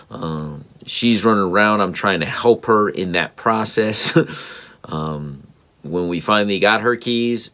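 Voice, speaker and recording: A man in his thirties speaks in a deep, low voice as he recounts his morning. He is tired and talks in a casual, earnest and reflective way. He often stops to restart his sentences and fills the gaps with ums. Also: a bit bright. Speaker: father vlogger. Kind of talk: casual personal storytelling.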